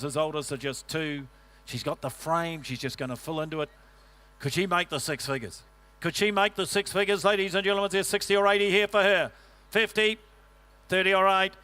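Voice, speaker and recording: A man working as an auctioneer, rattling off bids in a quick rhythmic chant and coaxing bidders. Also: a little high, bright, forceful tone, clear, resonant tone. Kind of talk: livestock auction calling.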